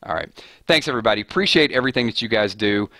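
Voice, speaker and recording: Rambling male streamer with a low voice. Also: rapid-fire, bright, forceful tone, no echo. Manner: rambling, with frequent restarts and filler. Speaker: host of a live show about a TV series. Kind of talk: casual live-stream chat.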